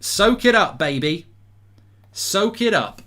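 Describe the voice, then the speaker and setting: A middle-aged man from England hosting a live football watchalong, talking excitedly and breaking into chants and songs. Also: high voice, slow. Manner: exuberant, chanting and singing between rants. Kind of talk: excited live match reaction.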